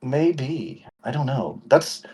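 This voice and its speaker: A man's voice: mid-range voice, sing-song, takes it slowly, mellow, slightly rough. A man in his forties co-hosting a podcast, chatting casually and ranting with playful mock indignation. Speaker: podcast co-host. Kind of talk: casual chat.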